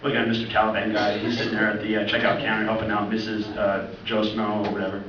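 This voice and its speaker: A man's voice: fairly low pitch, completely flat delivery, quick pace, muffled recording, noisy background. A young man from Oregon doing stand-up comedy at an open-mic night, rambling and laughing at his own jokes. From Oregon, USA. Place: comedy club stage. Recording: echoey club recorded from far off.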